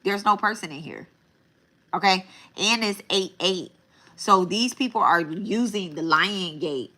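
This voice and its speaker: Doing a live tarot reading, a woman speaks in an unhurried, mid-range voice with a bright, forceful tone. She's casual and blunt, cursing and frequently circling back to repeat or restart phrases.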